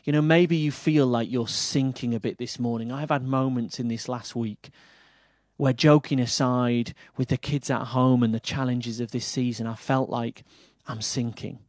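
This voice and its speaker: A man with an English accent preaching a sermon, earnest, moving between firm emphasis and soft quiet lines. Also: mid-range voice, fairly even intonation, moderate pace, no echo. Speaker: pastor.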